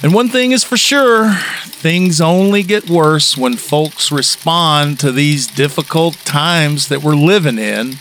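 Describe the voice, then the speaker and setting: A man's voice: fairly high pitch, expressive, slow, few pauses, a bit bright, slight background noise. A man with a Southern US accent co-hosting a casual podcast, with a playful, folksy delivery. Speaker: podcast co-host. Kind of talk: casual chat.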